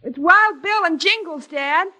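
An anxious, devoted young ranch daughter in a 1950s radio western. She speaks earnestly and anxiously in a high, bright voice. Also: unhurried, full character voice.

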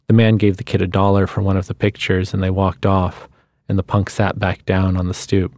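A man reading a literary short story aloud in a measured storytelling manner, on a studio microphone. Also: deep voice, darkish tone, dry recording. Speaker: guest reader.

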